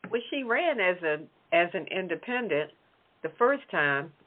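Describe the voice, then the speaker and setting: A woman's voice: on the low side, very animated, a little slow, slight background noise. Woman host on a tinny phone line. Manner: conversational, self-correcting. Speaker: talk show host. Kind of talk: casual political chat.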